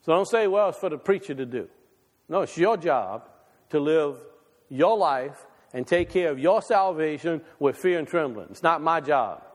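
A man preaching a folksy, conversational sermon with a slightly high voice. His delivery swings between raised, emphatic lines and hushed ones. The sound carries a long reverb from a church hall. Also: expressive, moderate pace. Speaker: pastor. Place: church sanctuary.

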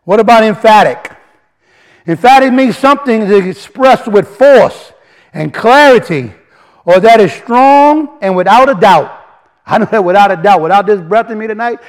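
A man teaching a sermon in a casual, animated way, often restarting phrases and building emphasis. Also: high voice, normal speed. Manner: animated, repeats and restarts, rising emphasis, colloquial grammar. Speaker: preacher. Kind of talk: sermon teaching from word studies.

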